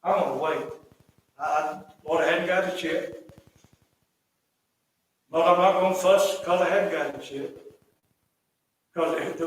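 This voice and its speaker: An older man with a drawl preaches from the pulpit, his voice sitting a little high for a man. He talks in a folksy way, then climbs into loud, repeated refrains. The sound carries a heavy echo from across the church hall, picked up from some distance with a faint hiss. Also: unhurried, long pauses. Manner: folksy, builds to loud emphatic repetition. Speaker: pastor. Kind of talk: sermon. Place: church sanctuary.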